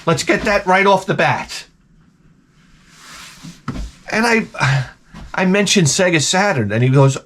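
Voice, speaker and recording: A man's voice: high voice, measured pace, pauses often, a little hiss or hum. A middle-aged man ranting at home in a casual, profane, sarcastic vlog, telling stories with lots of swearing. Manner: profane, sarcastic, animated storytelling. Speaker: vlogger. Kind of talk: casual rant to camera.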